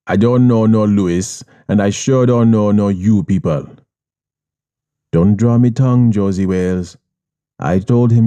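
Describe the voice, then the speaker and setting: A man's voice: fairly low pitch, measured pace, dark tone. A man with a Jamaican accent narrating an audiobook in first person, hard, streetwise and profane.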